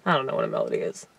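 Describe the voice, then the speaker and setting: A woman with a Southern US accent, a comedian rambling in a casual monologue with lots of fillers and chuckles. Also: lowish voice. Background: faint piano keyboard playing.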